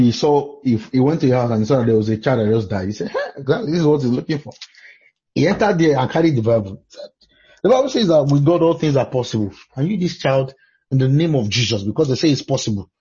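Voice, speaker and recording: A man's voice: mid-range voice, mellow, breathy edge, lo-fi sound. A man from Nigeria with a Nigerian accent, preaching in conversation and telling stories with frequent exclamations.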